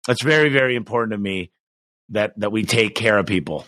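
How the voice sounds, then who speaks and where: A middle-aged man talking in a casual podcast interview, energetic and emphatic, often restarting his sentences. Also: lowish voice, no echo. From United States. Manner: energetic, emphatic, quick restarts, acts out quoted voices. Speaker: business owner guest.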